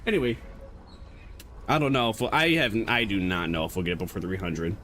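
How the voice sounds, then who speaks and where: A man's voice: lowish voice, very animated, brisk, a bit bright, a little hiss or hum. Guy streamer just chatting, rambly and jokey, keeps restarting his words, voice swings up and down a lot. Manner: rambling, self-correcting, joking; stammers on restarts. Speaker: VTuber streamer. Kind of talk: casual livestream chat.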